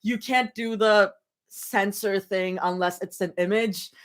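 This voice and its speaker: On a livestream from her bedroom, a young woman chats casually before reading fan fiction, rambling, giggling often, and breaking into excited yelling. Her voice is mid-range and a little slow.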